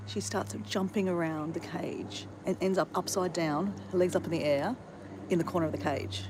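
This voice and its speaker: Woman vlogger, low gravelly voice, whispering outdoors; casual chat. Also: fairly even intonation, normal speed, background noise. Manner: hushed whispering. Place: outdoors in a front yard.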